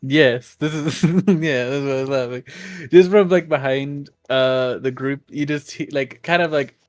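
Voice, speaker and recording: A man's voice: mid-range voice, a little slow, no room sound, soft background music. Casual, rambling male player, mid-range voice, close dry mic. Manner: rambling, laughing often. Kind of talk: casual tabletop play.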